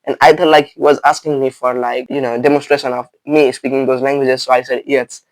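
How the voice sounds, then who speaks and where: Flat-voiced man chatting about language slips. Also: mid-range voice, a little fast, dry recording, poor audio. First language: not English. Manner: rambling, many "like" fillers. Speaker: language-learning vlogger. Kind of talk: casual monologue to camera.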